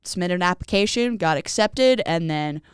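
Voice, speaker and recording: A young woman talking as a podcast guest, telling personal stories in a casual, animated way and acting out what people said. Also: lowish voice, normal speed, clear, resonant tone, no room sound, studio quality. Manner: animated, acts out quoted voices, frequent "like". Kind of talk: casual conversational storytelling.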